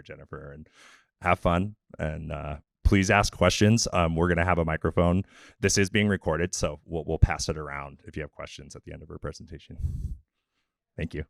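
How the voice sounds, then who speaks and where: A man's voice: a bass voice, fairly even intonation, a little fast, creaky, no echo, clean studio sound. A man casually introducing a speaker at an event, upbeat and laid-back.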